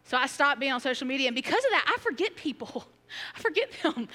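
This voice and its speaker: Woman pastor, bright tone, candid and conversational sermon delivery. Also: a little high, fast. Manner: candid, emotional, conversational, laughs often. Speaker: preacher. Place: church sanctuary. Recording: long hall reverb.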